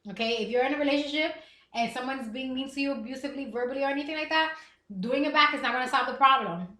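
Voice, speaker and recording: A woman in her thirties chats openly with her livestream viewers, laughing often between thoughts. Her voice sits high and sounds bright and forward. The room around her is echoey. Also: fast talker. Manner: candid, chatty, laughs often. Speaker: livestream host. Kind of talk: casual chat.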